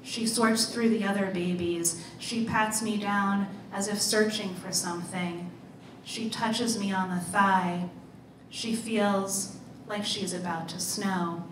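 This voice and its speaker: Slow, measured woman reading aloud. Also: medium pitch, fairly even intonation, noisy background. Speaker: author reading her story. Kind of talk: literary reading. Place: live reading event. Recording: roomy, distant mic, faint ambience.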